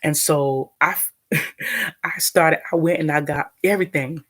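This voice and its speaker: A woman's voice: low voice, unhurried, a bit bright. A woman telling a long, indignant story to her live-stream viewers at home, rambling with many restarts and eating as she talks. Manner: eating while talking. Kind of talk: casual storytelling.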